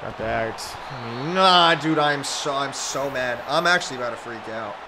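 A young man commenting on his own video game, frustrated and swearing, muttering low then suddenly yelling. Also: normal speed, background noise. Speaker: gaming streamer.

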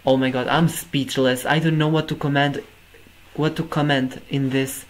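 A man hosts a music reaction video, gushing over the performance and exclaiming "oh my god" again and again in amazement. His voice sits at medium pitch with little variation, and he talks at a moderate pace. The recording is rough, with slight background noise.

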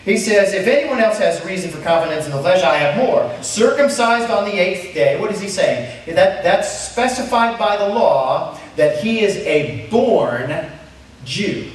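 Pastor preaching in an echoey sanctuary. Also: male voice, high voice, animated, unhurried, distant mic. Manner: repetitive, asks the congregation rhetorical questions. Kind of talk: sermon.

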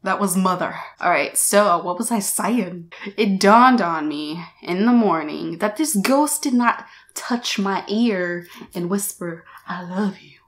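A woman's voice: mid-range voice, expressive, slow, fairly bright tone. A woman vlogger telling a story to the camera in a casual, chatty way, full of "like" and "you know", with some casual swearing, recorded on a camera-mounted shotgun mic.

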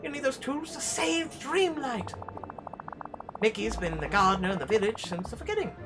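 A man's voice: very high-pitched, expressive, normal speed, voice pushed up. A man voicing a solemn old male wizard, reading game dialogue aloud in a raised, theatrical voice. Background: game music.

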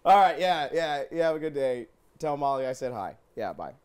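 A man hosting a live improv comedy show, upbeat and quick with jokes, often laughing at his own asides. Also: a little high, expressive, a little mellow, clean tone. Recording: live audience in the room.

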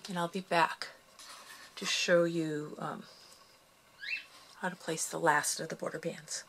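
A woman's voice: sits low, flat delivery, measured pace, vocal fry, a bit bright, a little hiss or hum. A woman hosting a casual craft tutorial, counting the steps aloud and making chatty asides, a little out of breath. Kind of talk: casual loom bracelet tutorial.

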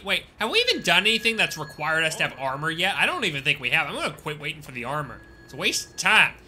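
A man giving casual live-stream commentary while playing a game, chatting with viewers and breaking into sudden excited outbursts. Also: a little high, slight background noise. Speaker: gaming streamer.

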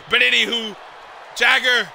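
A man calls a wrestling match as commentator, his excited play-by-play repeatedly breaking into shouts, exclamations and swearing. His voice is very high with vocal fry, and a little hiss or hum is audible.

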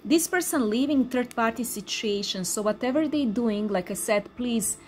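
A woman who speaks English as a second language, giving a tarot card reading in an emphatic, repetitive way with excited exclamations. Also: fairly high pitch, normal speed. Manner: non-native English speaker. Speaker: tarot reader.

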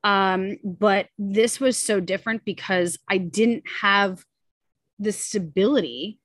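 A woman in her thirties talks openly as a podcast guest, rushing through her story with plenty of "like" and "you know". Her voice sits in a middle range, and the recording is close and dry with no room sound. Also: mid-range voice, fairly bright tone, dry recording. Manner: candid, quick, full of likes and you-knows. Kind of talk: personal story in a casual interview.

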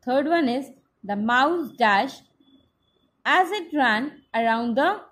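A woman teacher with an Indian English accent, giving a slow, patient class lesson that spells out each step. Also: high voice, expressive, fairly bright tone.

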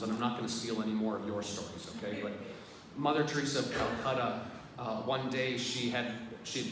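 A man, a priest, giving a sermon in a conversational way and speaking straight to the congregation. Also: mid-range voice. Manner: conversational, addresses the congregation directly. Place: large church. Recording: very echoey church, distant mic, background noise.

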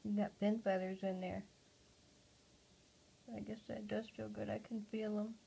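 A woman at home talking to her pet parrot in a casual home video, cooing softly and often dropping to a hush. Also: mid-range voice, little pitch movement, normal speed, gravelly, slight background noise, rough recording. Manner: soft, cooing talk to a pet, often hushed.

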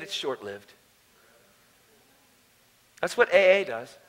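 A man preaches with fervent passion, his voice pitched high and bright with a sharp edge. He swings from loud declarations down to hushed, tender lines. He talks from a stage microphone to a conference crowd. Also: poor audio. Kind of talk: conference sermon. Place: conference hall.

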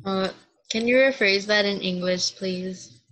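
A woman's voice: mid-range voice, a little slow, a bit bright, rough recording. Hesitant woman student in class. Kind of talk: class discussion.

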